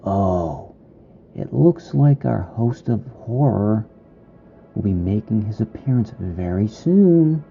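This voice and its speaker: A man voicing a cruel, hulking male wolf-beast monster in a horror story, deep and taunting. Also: animated, slow, mellow, lo-fi sound, a little hiss or hum, exaggerated voice. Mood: menacing. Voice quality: deep, gravelly, macho. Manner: taunting, mocking.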